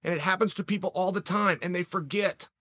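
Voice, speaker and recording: High, bright-voiced man holding forth. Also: a little fast. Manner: emphatic, punchy rhetorical delivery. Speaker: MMA podcast host. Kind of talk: casual commentary monologue.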